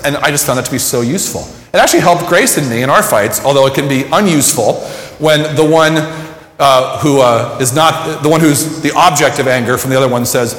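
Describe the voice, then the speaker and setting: A man's voice: mid-range voice, fairly quick, a bit bright. A middle-aged man preaching a sermon in a conversational, self-deprecating way, acting out bits of dialogue. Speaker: pastor. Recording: echoey hall with long reverb.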